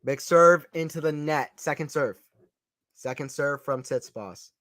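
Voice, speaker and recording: A fairly high-pitched man calls a tennis match live for his stream, upbeat and chatty. He keeps repeating lines and talks straight to viewers between points. The sound is dry and close. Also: a little slow, no room sound. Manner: excited, chatty, repeats phrases, reads out chat. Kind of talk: casual play-by-play tennis commentary.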